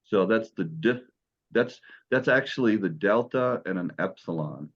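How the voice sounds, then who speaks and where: A man's voice: on the low side, expressive, unhurried, dull audio. A man teaching Greek in an online class, patient and encouraging as he explains step by step.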